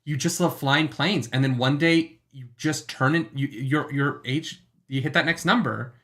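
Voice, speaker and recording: A man's voice: on the high side, normal speed, a bit bright. A man co-hosting a live book club show, chatting casually and enthusiastically, swearing and joking. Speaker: book club podcast co-host. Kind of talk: casual livestream chat.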